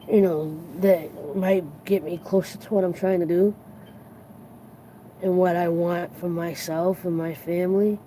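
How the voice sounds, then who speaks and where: A tired livestream host chatting casually to viewers, earnest and reflective, rambling and halting with many restarts. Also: mid-range voice, fairly even intonation, warm tone, slight background noise, low-quality recording.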